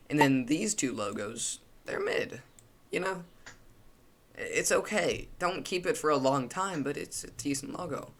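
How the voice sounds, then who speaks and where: A man's voice: medium pitch, a bit bright, a little hiss or hum. Rambling, opinionated young man. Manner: rambling, opinionated, many restarts and fillers. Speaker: YouTuber ranking logos. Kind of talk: casual commentary.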